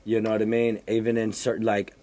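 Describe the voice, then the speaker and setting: A middle-aged man in casual chat, talking haltingly with lots of fillers and repeats. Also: on the low side, monotone, mellow.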